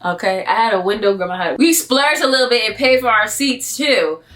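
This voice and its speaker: A young woman from Miami, telling a vlog story in a casual, animated, slangy way and acting out her own asides. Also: on the high side, brisk, soft background music. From Miami, Florida. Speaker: vlogger.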